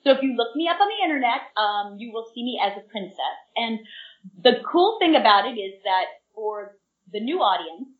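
A woman's voice: fairly high pitch, big pitch swings, normal speed. Bubbly woman, distant and roomy. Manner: bubbly, eager, talks straight to young listeners. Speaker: guest actress. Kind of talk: casual interview chat. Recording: roomy, distant, dull remote line.

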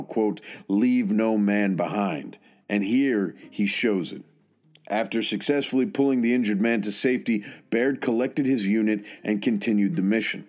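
A man with a fairly low voice gives scripted narration, earnest and measured. His delivery stays solemn and steady, with an occasional hesitant aside. Faint music plays behind him. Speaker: narrator of a soldier tribute.

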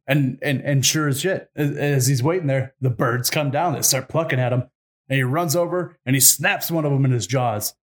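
A man casually retelling a folk tale to a co-host, irreverent and swearing, rattling off the characters' lines. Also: medium pitch. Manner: irreverent, swears, fast retold dialogue. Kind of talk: casual comic storytelling.

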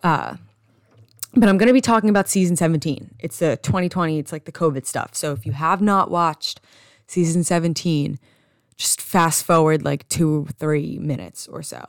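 A woman's voice: sits low, normal speed, gravelly, dry recording, clean studio sound. A young woman hosting a casual solo podcast, telling stories in a chatty way with frequent restarts and some swearing. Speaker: podcast host.

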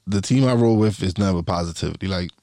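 A man in casual conversation as a guest, speaking close to a dynamic microphone, relaxed and often restarting his sentences. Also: low-pitched, fast, no room sound. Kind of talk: casual chat. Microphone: dynamic mic, spoken up close.

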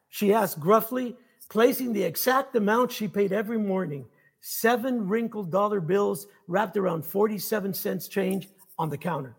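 A man reading his own fiction aloud at a steady, measured pace. His voice sits high for a man and carries a gravelly, husky grain. The delivery is that of an author at a reading. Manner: measured storytelling.

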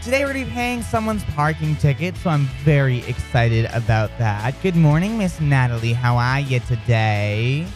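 A man's voice: mid-range voice, expressive, normal speed, few pauses, over music. Upbeat chatty male radio host. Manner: upbeat, chatty, with stammered restarts. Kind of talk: morning radio banter.

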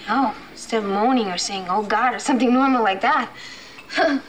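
An actress playing a young woman on a date who confides in halting bursts with nervous laughs, in a film scene. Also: fairly high pitch, a little hiss or hum, lightly acted, poor audio. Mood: nervously amused. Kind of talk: film dialogue.

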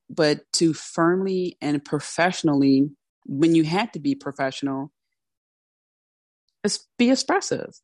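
Low-voiced woman giving direct advice. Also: no room sound, studio quality. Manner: direct, candid and conversational. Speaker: podcast host and coach. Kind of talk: motivational solo talk.

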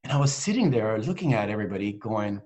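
A middle-aged man, a guest on a video call, telling a heartfelt personal story in a halting, earnest way with many restarts. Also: on the low side, big pitch swings, darkish tone.

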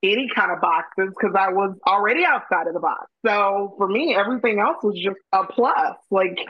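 A woman's voice: medium pitch, expressive, moderate pace, no echo, dull audio. A woman talking casually as a podcast guest, chatty and often saying "like". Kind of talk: casual chat.

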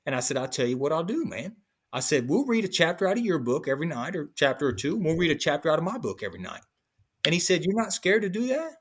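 A man, a guest on a faith podcast, telling his testimony in a lively way and acting out what people said to him. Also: a little high, fast, breathy edge. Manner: animated storyteller, acts out quoted speech. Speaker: interview guest.

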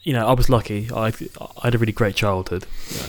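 A British man in his twenties co-hosting a podcast, telling an animated childhood story and swearing casually. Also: on the low side, quick pace. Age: 20s. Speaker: podcast co-host.

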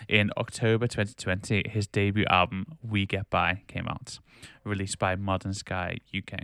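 Opinionated male podcast co-host, lowish smooth voice, recorded dry. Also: level tone, moderate pace, fairly bright tone, no room sound. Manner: opinionated, ranting, laughs easily. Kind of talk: casual podcast chat.

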